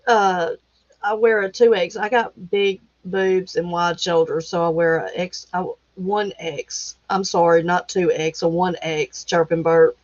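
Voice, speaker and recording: A middle-aged woman hosting a livestream, chatting casually with viewers and reading their comments, affectionate and quick to laugh. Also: lowish voice, steady tone, no echo, dull audio. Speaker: livestream host.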